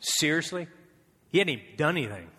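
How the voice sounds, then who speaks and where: A man's voice: fairly high pitch, expressive, brisk, pushed and bright, breathy edge. A man preaching a sermon in a conversational way, firing off rhetorical questions and repeating key phrases. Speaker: pastor. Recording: long hall reverb.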